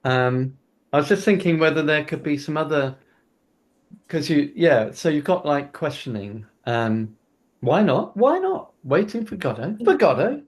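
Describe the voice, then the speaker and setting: A man's voice: fairly high pitch, lively intonation, unhurried. A man leading a drama teachers' webinar over a video call, thinking aloud and playfully acting out line readings. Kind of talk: casual group discussion.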